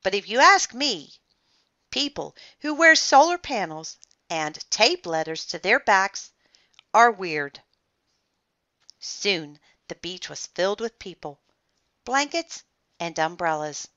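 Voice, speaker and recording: A woman reads a children's chapter book aloud with playful, expressive delivery and a lively, bright voice. She takes her time with each line. The recording is dry and a little muffled. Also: mid-range voice, takes it slowly, pauses often. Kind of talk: storybook read-aloud.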